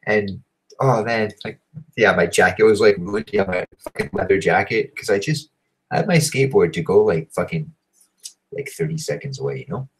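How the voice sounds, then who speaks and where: Deep-voiced man swearing through a rant. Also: normal speed, poor audio. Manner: profane, animated, swears constantly. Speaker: host. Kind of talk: casual storytelling monologue. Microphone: home recording setup.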